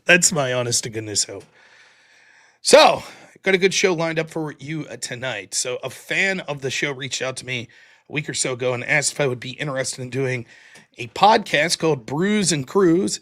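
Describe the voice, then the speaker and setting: A man's voice: medium pitch, bright, forceful tone. A man hosting his own live stream, chatting casually in a rambling, self-deprecating way. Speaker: show host.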